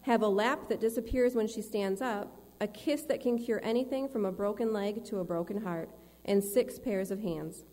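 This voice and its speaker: A woman's voice: medium pitch, moderate pace, hardly any pauses, mellow, natural voice. A woman reading aloud the lines of God as a tireless male creator, in a reverberant church hall. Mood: earnest. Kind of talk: read-aloud church storytelling.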